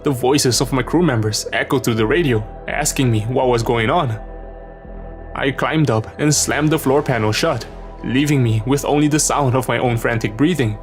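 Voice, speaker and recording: A man narrating a horror story in a tense, dramatic scripted reading. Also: mid-range voice. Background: background music.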